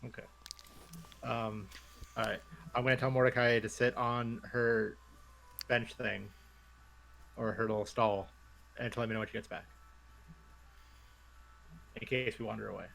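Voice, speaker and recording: A man's voice: on the low side, flat delivery, moderate pace, vocal fry, long pauses, fairly bright tone, a little hiss or hum. A man playing a tabletop game, chatting casually and often repeating his words. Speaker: player.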